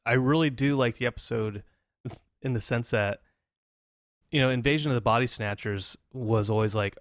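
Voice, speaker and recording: A man co-hosting a casual podcast chat, joking and telling animated stories with laughter. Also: mid-range voice, normal speed, no echo, studio quality. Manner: jokey, animated storytelling with laughs. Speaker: podcast co-host.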